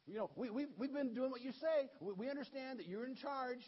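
Nervous, stammering village men who are eager to please pour out their excuses in a higher, louder voice, as a preacher puts them on. The sound is husky, dull and lo-fi. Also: male voice, big pitch swings, very fast, full character voice. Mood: flustered. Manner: flustered, stammering, pleading.

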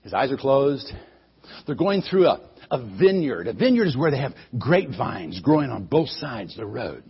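A man's voice: medium pitch, big pitch swings, normal speed, husky, highs cut off. A man telling a Bible story to children in a playful way, asking the listeners questions. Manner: asks the audience questions, playful.

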